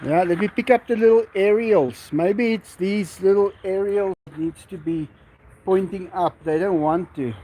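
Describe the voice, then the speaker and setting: A South African livestream host with an Afrikaans accent chats casually, reading viewer comments and laughing often. He speaks slowly in a fairly high, mellow voice. A faint hiss runs under the recording.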